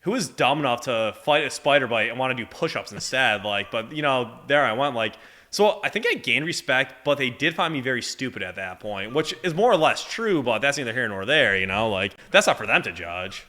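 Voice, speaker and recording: Male podcast guest, 20s, from Massachusetts, bright edgy tone, rambling filler-heavy storyteller. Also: medium pitch, fairly quick. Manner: animated, heavy "like" fillers, acts out voices in his stories. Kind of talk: casual storytelling.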